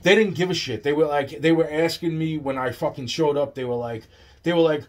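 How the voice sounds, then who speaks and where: A man delivering a rambling, profane monologue that swings between loud outbursts and low muttering. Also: fairly even intonation, a little fast.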